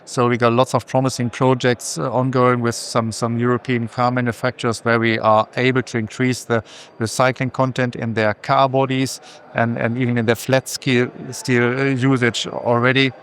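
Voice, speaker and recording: Halting, measured businessman. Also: mid-range voice, flat delivery, fairly bright tone, a little hiss or hum. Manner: measured, many filler pauses. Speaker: recycling company executive. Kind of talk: trade fair interview. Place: trade fair venue.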